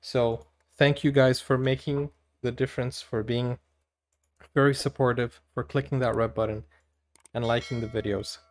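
A man from Brazil, hosting casual movie reaction commentary, chatty and giggly, with animated exclamations. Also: mid-range voice, normal speed.

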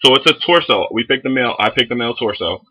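Give me a young man with a very bright, husky voice, ranting through a story on his vlog. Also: mid-range voice, fast talker, poor audio. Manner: animated, heavy swearing, lots of fillers. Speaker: vlogger.

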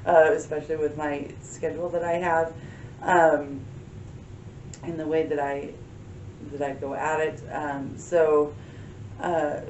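Brief: young woman vlogger, chatty and upbeat, lowish voice, recorded a bit far off in an echoey room. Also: darkish tone, a little hiss or hum. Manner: chatty, upbeat, many ums and little laughs. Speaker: fitness vlogger. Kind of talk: casual weekly check-in. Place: at work in an office.

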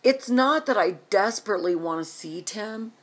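A woman's voice: mid-range voice, animated, normal speed. A middle-aged woman venting on her vlog in an exasperated rant, firing off rhetorical questions and repeating herself. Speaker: vlogger. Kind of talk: emotional rant to camera.

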